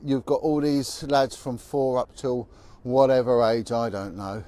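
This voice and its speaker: A man's voice: medium pitch, fairly even intonation, measured pace, mellow. A man who is a former police officer, telling stories bluntly and with emphasis as he walks down a city street. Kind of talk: walking vlog monologue.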